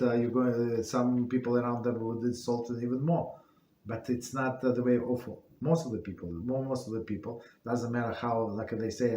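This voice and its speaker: Halting man teaching a Torah class. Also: mid-range voice, a little mellow, echoey room, slight background noise. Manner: halting, many fillers and restarts. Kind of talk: casual spoken Torah class.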